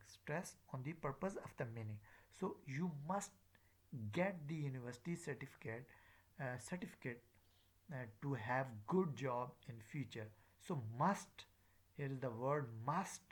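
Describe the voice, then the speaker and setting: A man teaching English pronunciation in a recorded lecture. He pauses often with fillers and repeats example words again and again as drills. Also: medium pitch. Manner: hesitant, frequent uh fillers.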